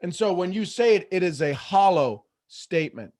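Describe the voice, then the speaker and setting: A man with a high-pitched voice coaches a live call. He is animated and acts out inner voices as he talks. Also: moderate pace. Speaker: host and motivational coach.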